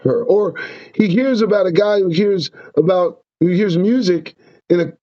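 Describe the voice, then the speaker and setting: A man's voice: high-pitched, normal speed. A man hosting his own show, ranting with profanity and preaching warnings. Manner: profane, preaching, lively ups and downs. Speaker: show host. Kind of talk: impassioned ranting commentary. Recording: dull lo-fi sound.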